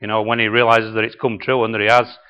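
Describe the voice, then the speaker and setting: A man's voice: lowish voice, level tone, fast, sharp tone. A man preaching a sermon and often asking the congregation questions. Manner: conversational, asks the congregation questions.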